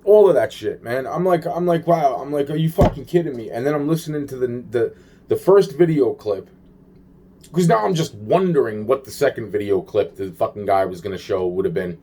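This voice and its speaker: A man's voice: medium pitch, normal speed, warm tone, a little hiss or hum. A man rambling to camera in a profane, agitated monologue, repeating himself and trailing off.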